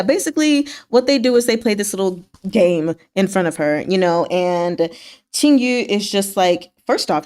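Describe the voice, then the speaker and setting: A woman casually recapping chapters of a novel, animated and laughing often as she acts out the characters' lines. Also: mid-range voice. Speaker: book club host. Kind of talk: casual book recap chat.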